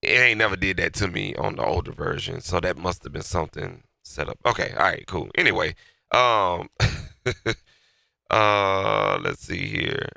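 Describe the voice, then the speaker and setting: A very low, heavily gravelly man with a bright, forceful edge talks loosely and in slang through a mixing session, his nose stuffy from a cold. The sound is dry and close, with faint music underneath. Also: normal speed, no room sound. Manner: loose and slangy, talking to himself while working. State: stuffy-nosed from being sick. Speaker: beat maker walking through a mix. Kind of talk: casual mixing tutorial.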